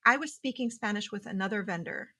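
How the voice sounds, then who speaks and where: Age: adult. Sex: woman. Origin: Syria. Role: podcast guest. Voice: bright, mid-pitched. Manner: animated storytelling, acts out dialogue in changing voices. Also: quick pace. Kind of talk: storytelling in casual conversation.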